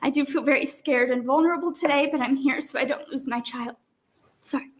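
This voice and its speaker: A woman's voice: high-pitched, a little fast. A mother giving emotional public testimony at a hearing, apologetic and fighting back tears. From Nebraska. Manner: tearful, apologetic, breaking up at times.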